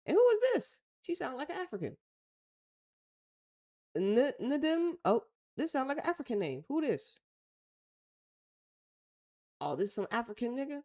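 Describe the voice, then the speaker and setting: A woman's voice: high-pitched, big pitch swings, measured pace, long pauses, mellow. A woman with an American accent hosting a casual talk show, reading news aloud and reacting bluntly in slangy, offhand remarks. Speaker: host.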